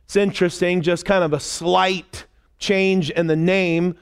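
Male pastor, bible teaching, high voice, smooth and resonant, conversational with dry humor. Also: level tone, unhurried. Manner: conversational, wry asides, laughs lightly.

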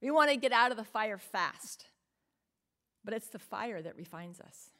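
A woman's voice: fairly high pitch, animated, moderate pace, pushed and bright. A woman preaching a sermon in an earnest, emphatic way, often asking the listeners rhetorical questions.

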